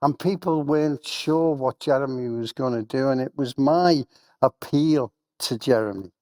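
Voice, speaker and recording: A man's voice: moderate pace, dark tone, dry recording. An older man with a Liverpool accent, speaking with rising passion and then reading a poem aloud at a festival event. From England. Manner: impassioned, building to a rousing pitch. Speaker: guest speaker reading poetry.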